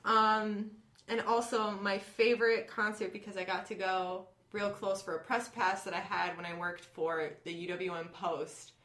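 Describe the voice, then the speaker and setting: Bright-voiced young woman, echoey room. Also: medium pitch, normal speed. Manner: chatty and animated storyteller. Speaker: podcast co-host. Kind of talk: casual chat. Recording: roomy echo.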